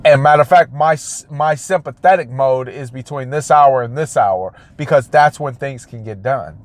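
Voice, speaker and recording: A man's voice: medium pitch, normal speed, no room sound. A man, a realtor, giving an emphatic motivational talk and repeating his phrases for effect. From United States.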